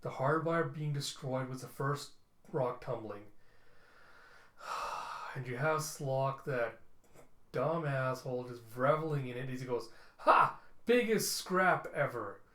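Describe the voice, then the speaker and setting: A man narrates a comic book in a casual, conversational way. His voice sits in a middle pitch. The recording carries a roomy echo. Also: steady tone, unhurried, pauses often, a bit bright. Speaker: comic reviewer.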